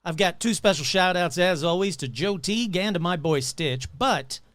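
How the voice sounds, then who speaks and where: This is a playful man hosting a podcast, who talks in a high, very lively voice. He chats casually and tends to ramble into jokey asides. The recording is dry and close. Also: normal speed, no echo. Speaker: podcast host.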